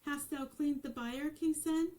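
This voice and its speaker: A woman voicing a demanding male giant in a storybook reading, speaking slowly and threateningly in old-fashioned speech. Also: high voice, fairly even intonation, a little mellow, voice pushed up, poor audio. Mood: menacing. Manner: slow, threatening, archaic speech.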